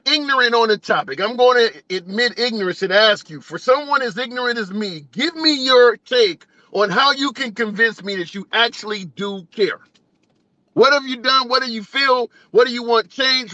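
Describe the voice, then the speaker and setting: Bright high-voiced male host, dry sound. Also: moderate pace, no room sound, muffled recording. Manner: pushes back hard, then reads comments and asks for likes. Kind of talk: live call-in debate show.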